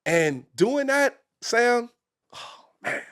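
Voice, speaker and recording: A man, a talk show host guesting on a podcast, telling a story with excitement, acting out quotes and swinging from whispers to shouts. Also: fairly high pitch, normal speed. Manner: speaks some Spanish and English. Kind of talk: animated storytelling in casual chat.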